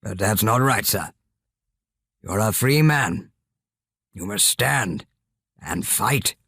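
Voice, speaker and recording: A loyal older statesman who urges his friend on with respect, read by a man. The delivery is slow and low-pitched, recorded close and dry. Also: expressive, gravelly, fairly bright tone, husky, no echo, full character voice. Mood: urging. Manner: respectful, urging.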